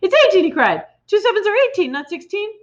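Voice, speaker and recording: Small scared schoolboy, high squeaky, stammering, woman reader doing him, muffled audio. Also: sing-song, quick pace. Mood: panicky. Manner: crying out, stammering. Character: small frightened schoolboy, panicky. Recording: slightly muffled recording.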